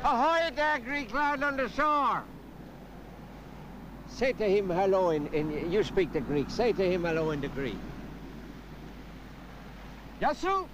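An actor playing a boastful, drunken sea captain, in a hammy stage brogue, from a film clip. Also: male voice, high-pitched, big pitch swings, slow, long pauses, lo-fi sound, heavily acted. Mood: mocking. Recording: film clip with outdoor noise.

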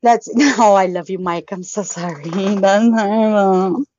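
A woman's voice: mid-range voice, fairly even intonation, measured pace, darkish tone. A woman co-hosting a podcast, swearing constantly and ranting in mock anger in casual chat. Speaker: podcast co-host. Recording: dull lo-fi sound.

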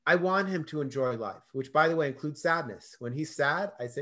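A man's voice: on the high side, brisk. A middle-aged man, a guest in an interview, telling stories expressively and acting out the dialogue. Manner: expressive storyteller, acts out dialogue. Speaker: guest, self-love coach. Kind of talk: animated conversational interview.

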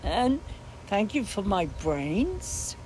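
A woman's voice: medium pitch, big pitch swings, very slow, crowd noise, poor audio. A woman in her nineties with a New York accent, a guest on a podcast, chatting in a teasing way. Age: 90s. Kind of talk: casual chat.

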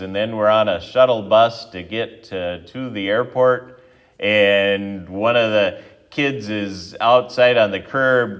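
A male pastor giving a sermon, reading scripture, then telling a story in a relaxed, conversational way with frequent restarts. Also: fairly low pitch, highs cut off.

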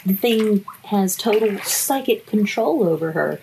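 A woman's voice: medium pitch, unhurried, vocal fry, hardly any pauses, a little mellow, slight background noise, rough recording. A woman in a casual, wry book review chat who laughs often between her remarks.

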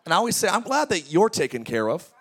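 Male pastor, high voice, energetic preaching with jokes and call-outs to the crowd. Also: fast talker, husky. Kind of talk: sermon. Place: large tent church.

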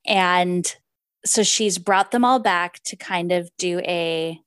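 Reading passages from a novel aloud and recapping its plot, this book podcast co-host keeps things casual and apologizes for how she pronounces Spanish. She speaks slowly in a lowish, fairly bright voice with a clean tone and no echo.

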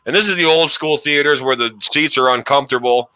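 A man's voice: on the high side, fairly quick, bright, forceful tone, clean tone, no room sound. A man in his forties hosting a podcast, telling old stories in a rambling casual way and laughing as he goes. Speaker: podcast host. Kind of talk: casual storytelling chat.

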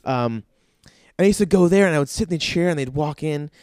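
A man in his thirties riffing through a crude, rambling comedy rant. His voice sits a little high and the sound is dry, with no room around it. He keeps breaking into quick put-on voices. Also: expressive, a little mellow, clean tone, no echo. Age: 30s. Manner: rambling, profane, acts out other voices in bursts. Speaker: stand-up comedian.

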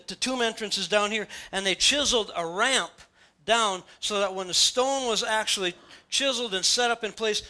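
A man preaching a sermon in a church, reading scripture aloud and explaining it in an animated, storytelling way. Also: high-pitched. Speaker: pastor. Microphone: church sound system.

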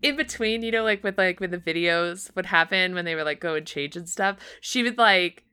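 A woman's voice: on the low side, a little fast, bright, forceful tone, smooth. A young woman co-hosting a podcast, telling a story in casual chat with lots of fillers and acted-out quotes. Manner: chatty storytelling, many fillers, acts out quotes. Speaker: podcast co-host.

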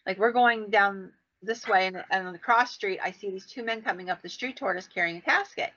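A woman hosting a podcast, telling stories with a bright, forceful voice and acting out the quotes with lively jumps in pitch. The recording has a dull, lo-fi quality. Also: fairly quick. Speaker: podcast host and storyteller. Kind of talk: casual storytelling. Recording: dull lo-fi sound.

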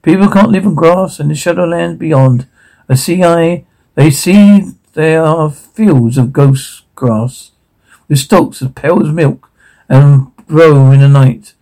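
A grave exiled knight explaining things in a solemn way, as a man reads him from a script. The tone is warm and dark, and the voice carries a steady gravel. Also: fairly high pitch, slow, low-quality recording.

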